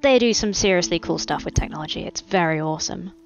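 A cheerful, soft-spoken woman chatting casually while playing a cozy game as a guest on a stream. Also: on the low side, quick pace, soft background music. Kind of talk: casual co-op gaming chat. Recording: muffled lo-fi mic.

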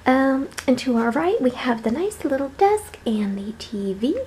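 A woman's voice: high voice, very animated, unhurried, warm tone, a little hiss or hum. A tired young woman chatting casually as she vlogs a tour of a small hotel room, with self-deprecating asides. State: tired and yawning. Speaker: vlogger.

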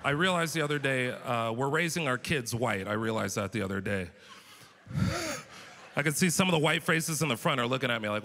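A man in his thirties doing live stand-up comedy on stage, telling animated stories and acting out the voices of the people in them. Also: medium pitch, a little fast, slight background noise.

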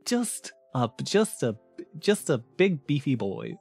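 A man's voice: medium pitch, wildly swooping pitch, takes it slowly, vocal fry, a little mellow, husky, faint music behind. A man streaming in a casual chat, thanking followers, rambling through fillers and restarts, and laughing often. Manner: rambling, with frequent fillers and self-restarts, giggly.

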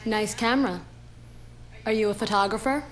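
A woman's voice: medium pitch, normal speed, a little hiss or hum, close to an everyday voice. An actress voicing a guarded female agent in a video game cutscene, curt and evasive. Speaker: game character.

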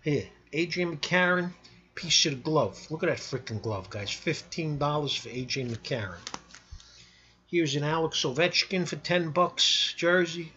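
A man giving a blunt, pushy casual sales pitch to camera while selling sports cards. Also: expressive, a little slow, sharp tone, slightly rough, dull audio. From New York. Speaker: sports card seller.

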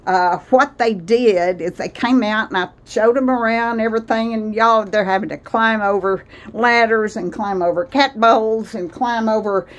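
A woman's voice: on the high side, normal speed, few pauses. A woman chatting to her viewers in a vlog from her country cottage kitchen, rambling and laughing often, a little out of breath. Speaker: vlogger. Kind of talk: casual chat to viewers.

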